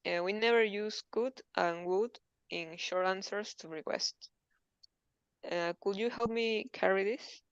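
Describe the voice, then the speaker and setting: A woman's voice: medium pitch, unhurried, clear, resonant tone, no echo, lo-fi sound. A woman student reading textbook passages aloud in an English lesson, carefully and with hesitant fillers.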